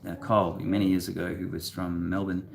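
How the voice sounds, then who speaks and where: A man co-hosting a casual chat, rambling and halting, with many fillers and restarts. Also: low voice, little pitch movement, creaky, crowd noise. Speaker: co-host.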